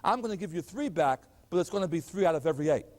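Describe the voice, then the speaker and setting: A man's voice: animated, racing, darkish tone, natural voice. A man quoting a pushy businessman. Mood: persuasive. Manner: persuasive sales pitch. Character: male businessman offering a deal. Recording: long hall reverb.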